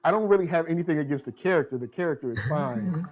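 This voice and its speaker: Easygoing man with a slightly higher voice. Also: expressive, fast, darkish tone. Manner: easygoing, laughs often. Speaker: co-host reading viewer comments. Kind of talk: casual fan review chat.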